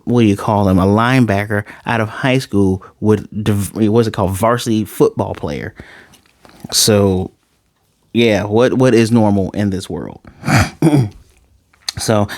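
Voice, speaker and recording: A man casually reviewing an anime episode, joking asides and quickly paraphrasing the characters' lines. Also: mid-range voice, no echo, studio quality. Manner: chatty, joking asides, paraphrases scenes in quick quoted voices. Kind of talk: casual spoken episode recap.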